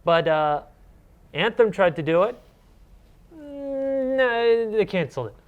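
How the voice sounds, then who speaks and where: A man's voice: high voice, big pitch swings, takes it slowly, phone-quality sound. A young man co-hosting a casual gaming news chat, ranting and often restarting his sentences. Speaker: co-host.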